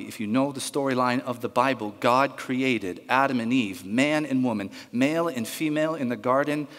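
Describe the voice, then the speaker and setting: A male pastor preaching a sermon, telling a story in an animated way and acting out the voices of its characters. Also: medium pitch, normal speed, few pauses. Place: church sanctuary. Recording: reverberant church hall.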